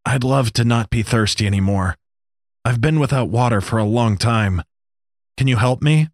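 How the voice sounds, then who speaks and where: A man's voice: medium pitch, moderate pace, dry recording, studio quality, close to an everyday voice. A man voicing a parched, bewildered stranded man who fires off anxious questions.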